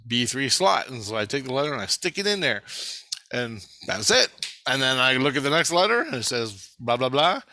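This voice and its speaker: Rambling man with a bright, forceful voice. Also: mid-range voice, no echo. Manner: rambling, repeats himself, swears freely. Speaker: video blogger. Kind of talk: casual dream retelling to camera.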